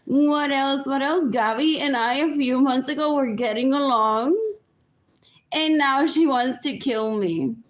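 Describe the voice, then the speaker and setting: A woman's voice: high voice, measured pace. A woman talking to viewers in a rambling livestream monologue, repeating herself as she goes.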